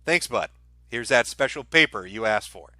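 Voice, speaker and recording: A man's voice: medium pitch, animated, moderate pace, sharp tone, no echo. A man hosting a livestream and reading viewer donation messages aloud, with a dry, sardonic delivery and the odd chuckle. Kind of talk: casual livestream chat.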